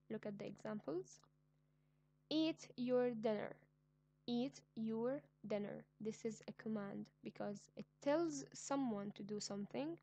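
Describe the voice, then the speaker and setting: Clear slow-speaking woman teacher. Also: fairly high pitch, dark tone, no room sound. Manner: slow, clear teaching voice, repeats each example sentence. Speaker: English teacher. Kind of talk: online grammar lesson.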